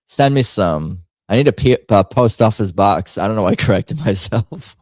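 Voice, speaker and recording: A man's voice: lowish voice, animated, moderate pace, a little mellow, dry recording, studio quality. A man hosting a live stream, chatting casually in a rambling, jokey way that keeps breaking off mid-sentence. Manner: rambling, self-interrupting, jokey. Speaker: streamer host.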